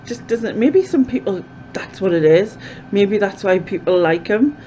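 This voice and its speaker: A woman's voice: medium pitch, animated, measured pace, dark tone, slight background noise. A woman chatting casually as a vlogger, rambling with lots of fillers, recorded with dull, lo-fi sound. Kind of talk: casual chat to camera.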